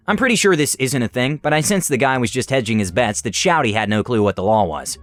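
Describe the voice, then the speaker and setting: A man narrating online stories in an animated, scripted way. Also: medium pitch, fast talker, few pauses, no echo. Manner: animated storytelling.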